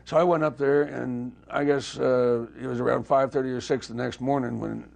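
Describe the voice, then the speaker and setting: Older man, gravelly storytelling. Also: medium pitch, normal speed. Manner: animated anecdotes, acting out remembered dialogue. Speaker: interview guest, former touring guitarist. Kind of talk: casual storytelling interview.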